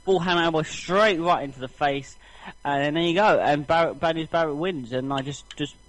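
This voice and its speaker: A man's voice: fairly high pitch, a little fast, fairly bright tone, dry recording, rough recording. A tired, slightly ill man recapping wrestling on a casual podcast, rambling with many fillers and restarts. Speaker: podcast co-host.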